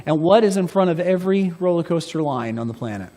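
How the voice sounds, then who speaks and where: A male pastor delivering a sermon with animated storytelling, dropping from loud emphasis to near-hushed asides. His voice sits fairly high, and the hall adds a long reverb. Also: fairly quick.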